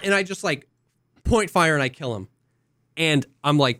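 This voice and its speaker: A young podcast co-host tells a long gaming anecdote in casual chat, slipping into quoted voices and coughing now and then. His voice is fairly high and a bit bright, with lively intonation at a moderate pace. The recording is dry and close, with no room sound.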